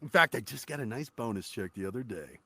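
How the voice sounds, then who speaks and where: A man guesting on an interview podcast, a voice actor telling animated, profane stories about his work. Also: medium pitch, quick pace, husky, dry recording. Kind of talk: casual interview chat.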